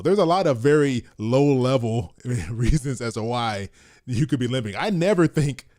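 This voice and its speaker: A man's voice: mid-range voice, animated, moderate pace, a little mellow. A man co-hosting a casual podcast chat, who explains things at length and laughs often. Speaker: co-host.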